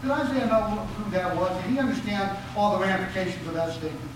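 A high-pitched man preaches a sermon, heard from a distance in a very echoey hall with background noise. Talking fast with lively intonation, he fires questions at the congregation and answers them himself, his voice rising and dropping emphatically.

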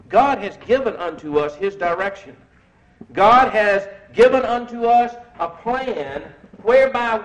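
A man preaching a sermon in a measured, emphatic way, reading scripture aloud. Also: high voice, dull audio.

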